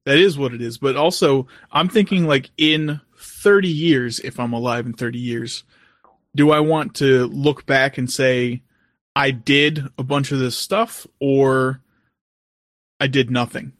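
Calm reflective man, dry sound. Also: medium pitch, unhurried, no room sound. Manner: calm and reflective, thinks aloud. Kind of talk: casual chat.

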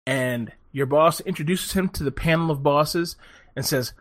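A man's voice: on the high side, moderate pace, no room sound, clean studio sound. Profane, laughing man telling stories. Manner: profane, animated storytelling with laughs. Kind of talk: casual chat.

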